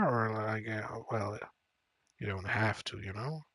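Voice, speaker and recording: Over music, a game streamer talks in a mid-range male voice with fairly even intonation and an unhurried pace. He thinks aloud, reads on-screen options, and laughs and uses fillers often in his casual commentary.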